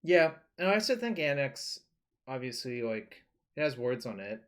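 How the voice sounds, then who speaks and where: Male streamer, casual running talk over a card game, mid pitch, curses freely. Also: big pitch swings, moderate pace. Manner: loose and chatty, swears, thinks aloud. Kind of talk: casual live-stream commentary.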